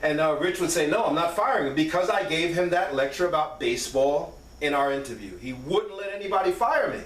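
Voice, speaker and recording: A man hosting a show, telling stories from his career in a casual, animated way and acting out what others said, with a frequent "right?". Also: a little high, brisk. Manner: animated, acts out quoted voices, frequent "right?". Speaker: podcast host. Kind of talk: casual storytelling monologue. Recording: roomy echo, distant from mic.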